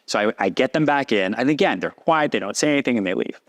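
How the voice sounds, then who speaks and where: A man in his thirties tells a story on a podcast. His voice sits at a middle pitch, and he jumps up high whenever he acts out the voices of other people. His delivery is casual and animated. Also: fast talker. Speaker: podcast guest.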